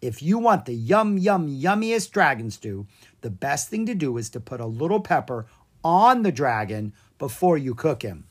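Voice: medium pitch, big pitch swings, normal speed, breathy edge. A reader voicing a bossy, bold girl dragon. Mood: scheming. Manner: confident, bossy, cheerful. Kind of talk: children's storybook reading.

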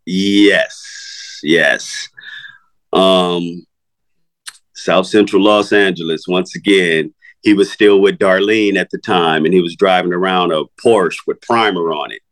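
A man's voice: low-pitched, steady tone, slow, a bit bright, no room sound. A man in his fifties, a music artist talking as a guest in a casual interview, laid-back and slangy, laughing often. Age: 50s.

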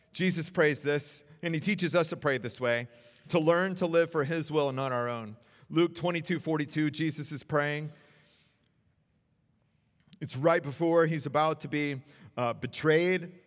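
A man's voice: a little high, in a large hall. A man preaching a sermon in an earnest, encouraging way, repeating phrases for emphasis. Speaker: pastor.

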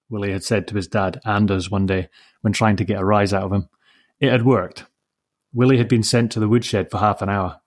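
A man hosting a podcast who reads a story aloud in a slow, measured, reflective way. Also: fairly low pitch, darkish tone.

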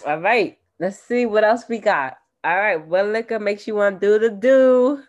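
A woman's voice: mid-range voice, normal speed, dull audio. A woman co-hosting a podcast in casual chat, laid-back and slangy, laughing often. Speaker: podcast co-host.

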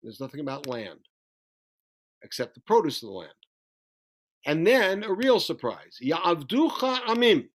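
A man teaching a Bible study lesson, animated as he retells the story, reading Hebrew verses and translating them. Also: fairly high pitch, moderate pace, pauses often. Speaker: Torah teacher.

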